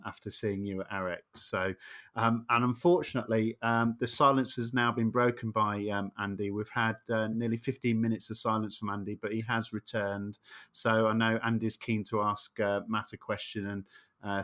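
A man hosting a podcast, speaking haltingly with lots of ums and uhs. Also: on the low side, flat delivery, a bit bright. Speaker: podcast host. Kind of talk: casual interview chat.

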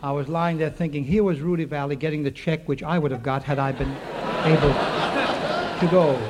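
A man telling a comic stage monologue to a live audience, with quick wisecracks and asides to the crowd. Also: fairly high pitch, steady tone. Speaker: comedian and radio show host. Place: theater studio with live audience. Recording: faint noise on an old radio recording.

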